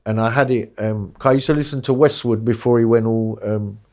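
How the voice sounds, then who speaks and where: A man's voice: on the low side, fairly even intonation, brisk, darkish tone. A middle-aged man with an East London accent, talking candidly and bluntly as a DJ guest, swearing freely. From East London, England. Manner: blunt, swears freely, mimics people in quotes. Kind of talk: candid podcast interview.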